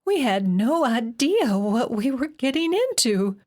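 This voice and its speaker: A woman voicing a gentle, worried middle-aged mother who speaks softly and tearfully, near a whisper. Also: mid-range voice, lively intonation, unhurried, breathy edge. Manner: soft, tearful, hushed.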